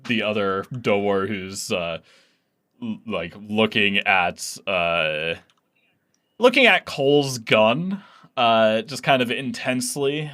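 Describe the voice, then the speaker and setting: A man's voice: on the low side, lively intonation, takes it slowly, bright, forceful tone. A man narrating as game master of a tabletop game, loose and full of fillers.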